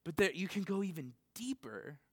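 A man in his thirties preaching a sermon in an animated way, jumping from loud, excited questions to quiet, low scripture reading and laughing often. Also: moderate pace.

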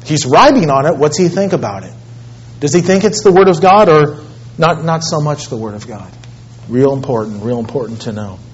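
A pastor in his thirties preaching a sermon, swinging between loud, emphatic pleading and low, hushed tones. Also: animated, normal speed. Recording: muffled lo-fi sermon recording.

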